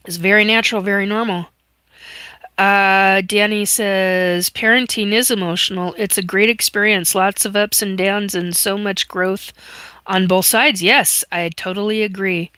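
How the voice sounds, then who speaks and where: A middle-aged woman speaks slowly and haltingly on her livestream, choked up and sniffling between phrases. Her voice is bright and forward, recorded close and dry with no room around it. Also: medium pitch, steady tone, clear, resonant tone, dry recording. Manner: tearful, halting, reading out viewer comments. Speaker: livestream host. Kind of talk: emotional livestream monologue. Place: home livestream.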